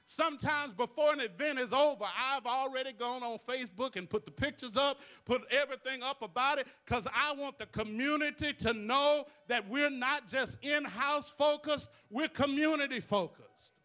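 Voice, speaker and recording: A man's voice: very high-pitched, moderate pace, few pauses, pushed and bright. A male pastor, preaching to his congregation with call-and-response asides. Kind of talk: sermon. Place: church sanctuary.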